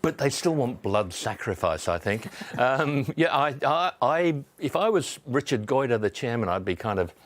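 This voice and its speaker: Lively, wry man. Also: medium pitch. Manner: wry, blunt and self-mocking, with quick jokes. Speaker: guest commentator. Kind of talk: panel chat on a talk show.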